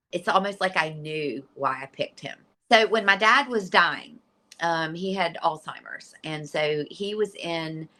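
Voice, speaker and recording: A middle-aged woman from Virginia speaks as an interview guest, earnest and animated, often restarting her sentences. Her voice sits low but sounds forceful and bright. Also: poor audio. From Virginia, USA. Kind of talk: personal storytelling in an interview.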